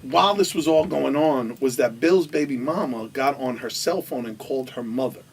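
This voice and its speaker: A man's voice: medium pitch, moderate pace, gravelly, husky, recorded from a distance. A man animatedly telling a wild anecdote as a guest, acting out the quoted voices and laughing as he goes. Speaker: storytelling guest.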